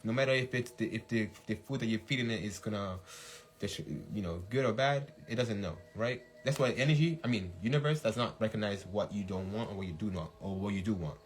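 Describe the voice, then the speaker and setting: A man hosting a casual livestream talk, animated, laughing often and shouting when he acts out hype, with faint music behind. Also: on the low side, a little fast. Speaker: podcast host.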